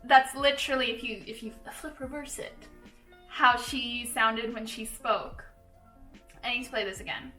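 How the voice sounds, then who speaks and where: A young woman, a native Russian speaker from Russia, hosting a casual reaction video with chatty, animated commentary and quick laughs. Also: on the high side, distant mic. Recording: roomy echo, off-mic, faint music underneath.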